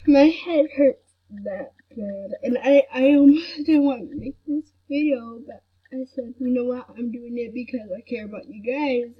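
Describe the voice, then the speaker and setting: A sick woman with a headache chatting to camera in a soft, rambling way with many fillers. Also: fairly high pitch, measured pace, slightly rough. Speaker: vlogger. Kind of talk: casual chat to camera. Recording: dull lo-fi recording.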